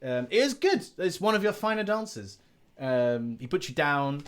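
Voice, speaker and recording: Lively rambling game master man. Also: a little high, unhurried, clean tone. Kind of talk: narrating a tabletop game.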